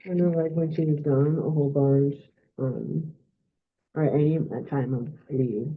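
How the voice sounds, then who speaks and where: A woman's voice: low-pitched, fairly even intonation, measured pace, breathy edge. A woman on a board, speaking hesitantly and apologetically during meeting discussion. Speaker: board member. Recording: tinny phone-like sound.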